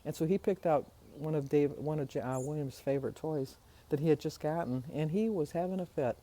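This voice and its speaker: A woman's voice: low voice, fairly quick, mellow. An older woman, a grandmother, chatting casually in her daily vlog and telling stories with frequent laughs. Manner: chatty storytelling, laughs often. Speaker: vlogger.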